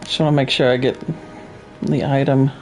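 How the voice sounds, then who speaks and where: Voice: mid-range voice, flat delivery, moderate pace, darkish tone, soft background music. A game streamer chatting casually with viewers while playing, laid-back and laughing often. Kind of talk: casual let's play chat.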